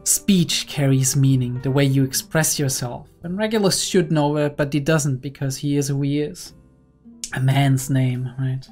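Low-voiced woman analyzing an anime. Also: measured pace, a little mellow, soft background music. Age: young adult. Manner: analytical, constantly checks in with "right?". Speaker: anime reactor and psychology student. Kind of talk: anime reaction commentary.

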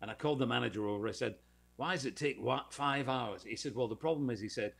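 A man's voice: mid-range voice, fast talker, gravelly, a bit bright. A British man telling a showbiz anecdote in casual podcast chat, acting out the voices of people in his story. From United Kingdom.

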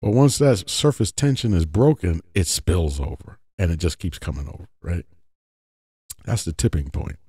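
A man's voice: sits low, normal speed, warm tone, slightly rough, no echo, clean studio sound. A man giving a casual religious teaching talk, conversational, often checking in with his listeners. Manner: conversational, often asks "right?".

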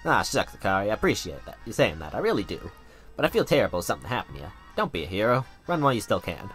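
A man's voice: fairly low pitch, very animated, racing, a bit bright, faint music behind. A man voicing an earnest, folksy middle-aged cowboy with a put-on Southern US drawl and homespun turns of phrase, over a game.

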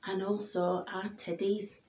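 A woman reading a children's picture book aloud in a gentle, expressive storybook voice. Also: mid-range voice, measured pace.

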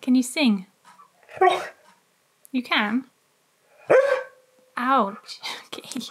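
A woman's voice: a little high, extremely slow, background noise. A woman who makes dog videos, playfully coaxing her dog through tricks and laughing often. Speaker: dog owner and video maker. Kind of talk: talking to her dog during trick training.

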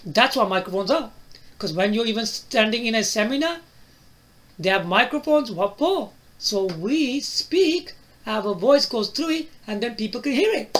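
Man, product demo to camera, lively up-and-down pitch, rhetorical questions. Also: moderate pace. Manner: asks the viewer questions, tags lines with "right?" and "yeah?". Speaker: phone reviewer.

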